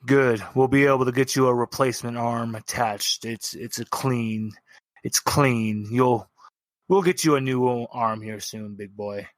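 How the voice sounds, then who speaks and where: A man's voice: mid-range voice, measured pace, dry recording, studio quality, natural voice. A man voicing a cocky, playful male cyborg fixer who teases with pet names, in a tabletop game. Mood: reassuring. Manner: teasing, calls people big boy.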